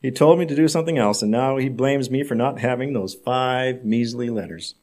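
A man's voice: medium pitch, normal speed, darkish tone, lightly acted. A man voicing an indignant female secretary, fed up with her boss. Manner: indignant, huffy.

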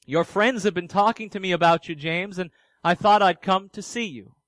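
A man playing a courteous, patient state governor in a sermon story, speaking gently and politely. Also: high-pitched, normal speed, no room sound.

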